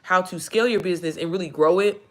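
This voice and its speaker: A woman's voice: lowish voice, fast talker. A woman, chatting in a rambling, emotional way on a livestream, swearing freely. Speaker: livestream host. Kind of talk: casual livestream chat.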